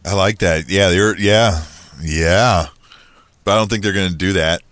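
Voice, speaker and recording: A low-voiced man talking wrestling at an easy pace, full of "you know" and "like". His voice is recorded close and dry, with no room sound. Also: measured pace, a bit bright, dry recording. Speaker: podcast co-host. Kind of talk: casual wrestling chat.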